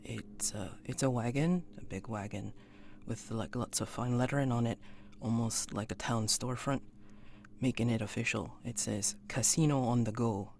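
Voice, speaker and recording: A man narrating a tabletop game as game master, in a slow, halting way. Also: mid-range voice, steady tone, gravelly, a little mellow, a little hiss or hum.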